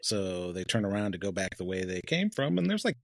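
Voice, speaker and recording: A man's voice: low-pitched, sing-song, brisk, gravelly, no room sound, studio quality. A man co-hosting a podcast, recapping a TV episode in casual chat with wry jokes and frequent laughs. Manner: wry, laughs often, throws in joke bits. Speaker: podcast co-host.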